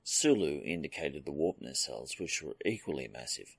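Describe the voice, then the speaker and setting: Male audiobook narrator; low, gravelly, expressive pitch, dry close mic. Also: moderate pace, no room sound. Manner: steady storytelling read. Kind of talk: scripted narration.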